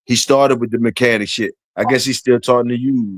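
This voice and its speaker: A man's voice: mid-range voice, fairly even intonation, a little fast. A man hosting a casual livestream, talking in slangy, profane, repetitive banter to his chat and guests. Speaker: livestream host.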